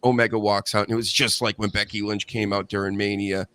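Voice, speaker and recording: A man hosting a casual wrestling podcast, animated and sarcastic, mocking people in high put-on voices. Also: fast. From Boston area. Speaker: podcast host.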